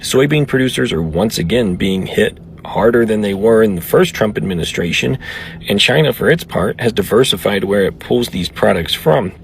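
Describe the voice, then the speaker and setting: A man narrating farm news in a steady, explanatory way. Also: fairly low pitch, normal speed, vocal fry, slight background noise.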